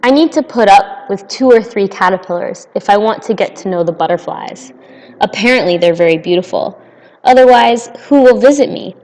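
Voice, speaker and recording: A proud, delicate storybook flower speaks gently, hiding her hurt, as a woman reads her lines. The voice sits at an ordinary middle pitch. A long reverb hangs behind it. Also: expressive, normal speed, lightly acted. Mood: tender, proud.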